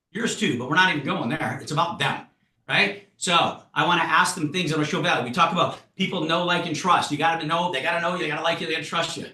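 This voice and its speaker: An excitable man leads a sales training with hyped, punchy energy, his words tumbling out quickly in a bright, forceful voice. The room around him rings with a noticeable echo. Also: high-pitched. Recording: roomy echo.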